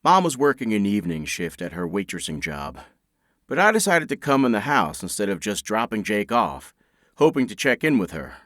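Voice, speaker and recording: A man's voice: fairly low pitch, very animated, moderate pace, a bit bright, dry recording. Man reading a sardonic audiobook. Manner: sardonic, dry, exasperated. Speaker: narrator. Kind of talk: first-person audiobook narration.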